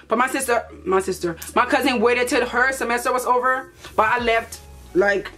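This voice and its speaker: A young woman from Liberia telling a lively storytime vlog, acting out her relatives' voices. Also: fairly high pitch, a little fast, soft background music. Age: young adult. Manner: animated, playful storytelling with put-on voices for relatives. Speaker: vlogger.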